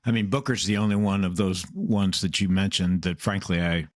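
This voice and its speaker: A male interview host with a fairly low voice and a dry, close sound. He asks his questions casually and conversationally. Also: steady tone, moderate pace, dry recording.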